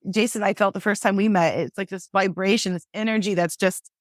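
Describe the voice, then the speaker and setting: Fast-talking, gushing woman co-host. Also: mid-range voice, fairly even intonation, no room sound, clean studio sound. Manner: gushing and enthusiastic. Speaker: podcast co-host. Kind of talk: casual chat.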